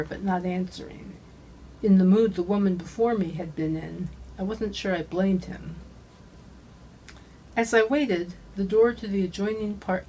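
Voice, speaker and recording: A woman's voice: medium pitch, darkish tone, slight background noise, rough recording. A woman author reading her own hardboiled mystery novel aloud in a dry, wry first-person narration.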